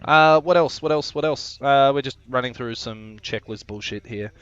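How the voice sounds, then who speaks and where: A man's voice: medium pitch, moderate pace, a bit bright, clean tone, no echo, dull audio. A man casually commentating his own flight video on a live stream, joking, swearing and rambling with lots of fillers.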